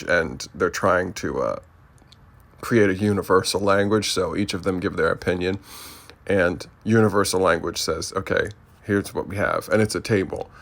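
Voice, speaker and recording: A man's voice: low voice, a bit bright. A young man chatting casually and rambling with many hesitations, poking fun at himself while he practises a language lesson. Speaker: language learner vlogger. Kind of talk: casual chat while doing language drills.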